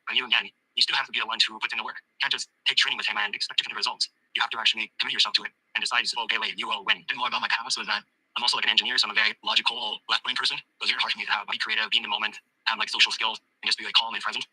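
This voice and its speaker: A young man rattles through a personal testimonial at top speed, stumbling over fillers and restarting sentences. His voice is low-pitched and husky, with a very bright, forceful edge and a mostly monotone delivery. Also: rough recording. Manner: fast, filler-heavy rambling with many restarts. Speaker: coaching client giving a testimonial.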